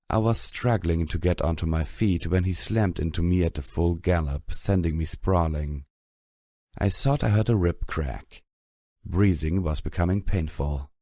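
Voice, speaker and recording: Male audiobook narrator, very low voice, dry sound, steady measured read. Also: no echo. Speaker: audiobook reader. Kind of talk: scripted narration.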